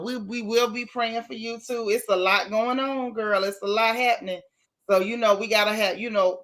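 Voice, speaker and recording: Bright-voiced woman chatting on a livestream. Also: medium pitch. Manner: warm, chatty, Southern American slang, greets viewers one by one. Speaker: livestream host. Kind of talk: casual livestream chat greeting viewers.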